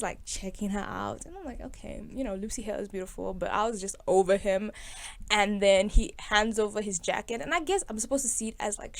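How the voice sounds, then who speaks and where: A young woman hosting a film review in casual, sarcastic commentary, chatty and quick to laugh. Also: medium pitch. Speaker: video host reviewing a film.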